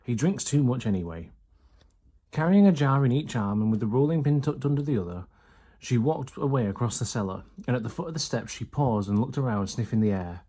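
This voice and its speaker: A man reading a children's storybook aloud in a steady, even storytelling manner. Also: mid-range voice, a little fast, husky. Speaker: reader.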